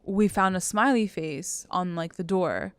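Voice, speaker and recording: A woman's voice: lowish voice, unhurried, clean tone, no room sound. A woman co-hosting a podcast, chatting casually about a TV episode, agreeing often and asking questions. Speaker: podcast co-host. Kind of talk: casual TV recap chat.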